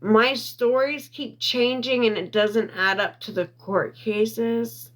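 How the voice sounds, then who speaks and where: A woman livestreaming from her phone, reading viewer comments, getting worked up and loud, repeating herself and defending her character. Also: a little high, steady tone, slow pace. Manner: reads and answers viewer comments. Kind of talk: emotional livestream chat.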